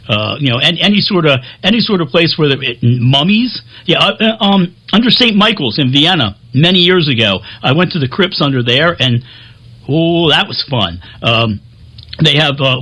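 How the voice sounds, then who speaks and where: Man, music show host from Philadelphia; chatty, rambling, self-deprecating delivery; bright, husky voice. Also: fairly high pitch. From Philadelphia, USA. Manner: chatty, self-deprecating, frequent fillers and restarts. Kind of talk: rambling casual to-camera talk.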